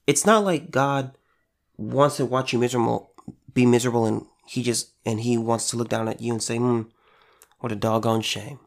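A man's voice: medium pitch, steady tone, a little fast, creaky. A man giving an informal devotional talk in an earnest, conversational way, repeating phrases for emphasis. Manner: earnest, conversational, with repetitions and restarts. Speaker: preacher.

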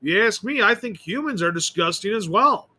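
Rambling, opinionated man with a high, bright voice. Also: animated, moderate pace, husky. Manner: rambling, opinionated, repeats and restarts words. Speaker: podcast host. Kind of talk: rambling solo monologue.

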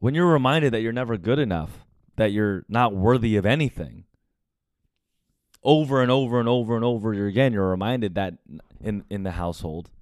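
A young American man hosts a casual podcast monologue, speaking candidly and confessionally with frequent swearing. His voice sits fairly low and comes across a little mellow at a normal pace, recorded dry with clean studio sound.

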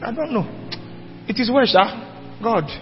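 Man playing a doubting churchgoer, high stumbling voice, hesitant, long hall reverb, dull lo-fi sound. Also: very animated, a little slow, soft background music, full character voice. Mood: doubtful. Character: doubting, wavering churchgoer man, unsure of God.

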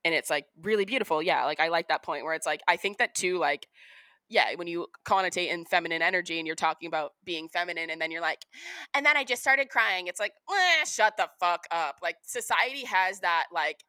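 A young woman co-hosts a podcast in easy, unfiltered chat. Her voice is bright and forceful, and it is recorded dry and close. She swears freely and acts out the quotes she tells. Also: lowish voice, fast talker, dry recording. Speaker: podcast co-host. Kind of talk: casual chat.

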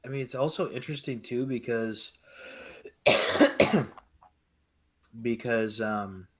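A man's voice: mid-range voice, slow, a bit bright. A man co-hosting a casual podcast chat, easygoing and hesitant, often trailing off with "I don't know.". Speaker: podcast co-host.

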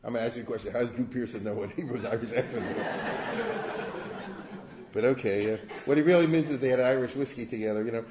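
A man's voice: medium pitch, quick pace, reverberant, background noise. Man giving a casual, digressive lecture. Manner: conversational, digressive, asks rhetorical questions. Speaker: history lecturer. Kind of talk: informal lecture.

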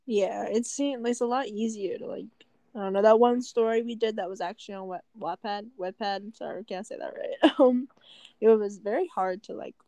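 A woman's voice: mid-range voice, fairly quick, warm tone, dry recording. A young woman co-hosting a casual chat podcast, playful and teasing, often laughing. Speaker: co-host. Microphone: own microphone.

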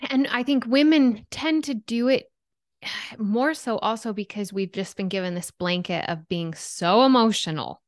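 Animated woman guest, dry close sound. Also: mid-range voice, normal speed, no echo. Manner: animated storyteller, voices her own and others' thoughts. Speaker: podcast guest, anxiety coach. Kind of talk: conversational interview.

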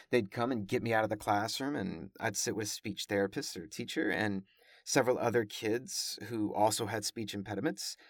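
A professor and podcaster speaks in a relaxed monologue with a somewhat low voice. He over-enunciates his words deliberately and often stops to correct himself. The sound is dry, with no room around it. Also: no room sound. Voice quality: carefully over-enunciated speech. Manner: chatty, self-correcting, with frequent fillers. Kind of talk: casual monologue.

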